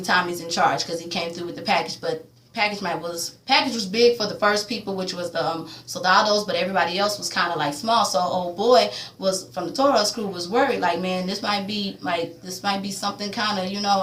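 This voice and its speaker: A woman casually recapping a TV episode in slangy talk, acting out the characters' lines with loud reactions. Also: lowish voice, reverberant, slight background noise. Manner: animated, slangy, acts out quotes. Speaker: TV recap vlogger.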